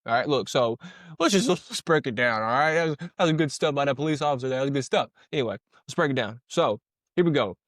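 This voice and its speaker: A commentator analyzing police footage speaks fast and expressively in a medium-pitched voice, keeping it casual and full of slang. He repeats himself and punches in sound-effect words, recorded cleanly in a studio with no echo.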